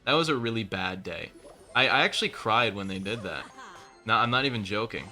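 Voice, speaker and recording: A man talking over his gameplay with a bright, forward voice, trash-talking his opponent and ranting in mock outrage. He swears freely and jokes in a deadpan, sarcastic way. Faint game music plays behind him. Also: fairly low pitch. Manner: rapid, sarcastic and profane, with joking rants. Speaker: gaming streamer. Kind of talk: live gameplay commentary.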